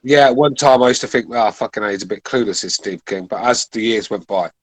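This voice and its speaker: A man's voice: fairly low pitch, fast, no room sound. Swearing British man, stammering podcast chat. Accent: British English. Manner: stammering restarts, frequent swearing. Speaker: podcast co-host.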